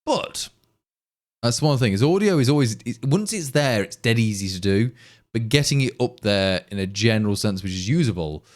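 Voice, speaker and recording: Man, East Midlands accent, live-stream programmer, animated pitch, thinking out loud, chatty. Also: normal speed. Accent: East Midlands English. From England, Leicestershire. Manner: thinking aloud, rambling, answering chat. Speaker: programmer livestreaming his coding. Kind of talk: casual live-stream chat while coding.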